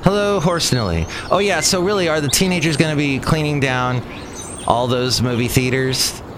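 A man's voice: mid-range voice, moderate pace. A man with a Californian accent, hosting a podcast in a chatty, wry, rambling monologue. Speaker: podcast host. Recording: traffic noise in background.

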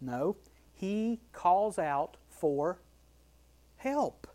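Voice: mid-range voice, animated, very slow, mellow. Emphatic Bible teacher, repeating phrases. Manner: emphatic, repeats key phrases, asks rhetorical questions.

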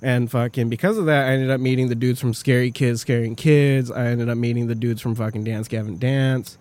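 A man telling stories as a podcast guest in a casual, animated way, swearing freely as he talks. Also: medium pitch, brisk. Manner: profane, animated storytelling. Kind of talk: casual chat.

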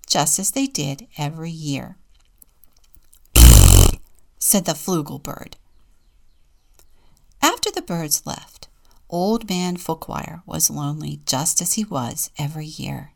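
Expressive woman deacon reading a storybook. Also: lowish voice, vocal fry. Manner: expressive, playful storytelling with whispered asides. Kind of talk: reading a picture book aloud.

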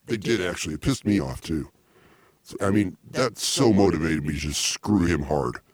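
Deep, husky man rambling excitedly. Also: moderate pace, dry recording. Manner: rambling and excitable, lots of restarts. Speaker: podcast host. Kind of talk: comedy podcast talk.

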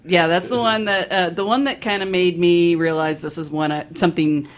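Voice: mid-range voice, steady tone, normal speed. A host chatting casually and laughing often. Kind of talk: casual chat.

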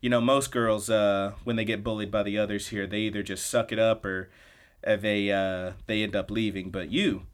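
Man, podcast host, low-ish voice, loose chatty recap, casual swearing. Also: flat delivery, normal speed.

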